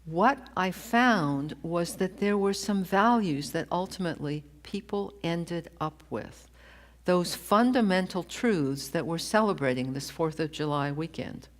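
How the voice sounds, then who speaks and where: Woman minister preaching real slow and thoughtful, lowish voice. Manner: slow, deliberate, reflective delivery. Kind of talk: sermon. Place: church sanctuary.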